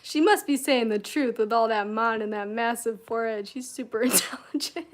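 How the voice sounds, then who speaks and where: A woman's voice: fairly high pitch, moderate pace. A woman from Michigan chatting on a livestream at home, giving self-help advice and reading comments, laughing often and filling with "you know.". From Michigan, USA. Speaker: self-help mentor streamer. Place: at home, room with candles and incense.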